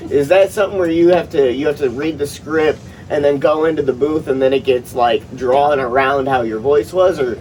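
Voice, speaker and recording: A man's voice: a little high, moderate pace, a little mellow. A man hosting a podcast, easygoing and curious, swearing casually as he asks questions. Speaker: podcast host. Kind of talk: casual interview chat. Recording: distant mic with faint background noise.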